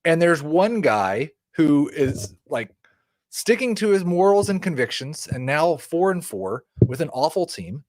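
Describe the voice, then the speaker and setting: Blunt man with a lively voice. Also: on the high side, a little slow, no echo, clean studio sound. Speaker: fantasy analyst. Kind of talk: casual panel chat.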